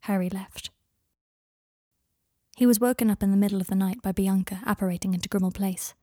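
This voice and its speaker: A woman narrating her own story in a soft, even manner. Her voice is husky with a breathy edge, recorded close and dry, with no room sound. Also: medium pitch, fairly quick, no room sound. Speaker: author and narrator.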